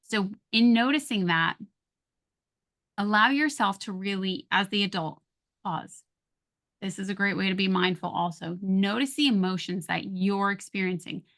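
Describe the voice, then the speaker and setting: A woman speaks in a steady mid-range voice, giving parenting advice in a relaxed conversational way. She acts out sharp and soft ways of speaking to show the difference. It sounds like an unscripted podcast chat. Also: medium pitch, moderate pace. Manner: calm, coaching, acts out soft and sharp tones. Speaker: guest, parenting communication coach.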